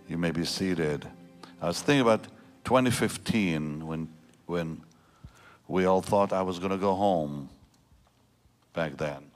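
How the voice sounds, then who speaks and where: A man's voice: low voice, a little slow, long pauses, faint music behind. A man in his seventies, a pastor telling a personal story in a sermon, rambling and emotional, with many restarts. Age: 70s. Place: large church.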